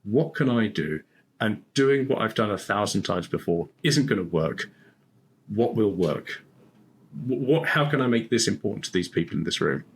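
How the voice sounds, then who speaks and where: A man guesting on a podcast as a speaking coach, telling stories in an animated way and laughing often. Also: on the low side, moderate pace, a little hiss or hum. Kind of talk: storytelling in conversation.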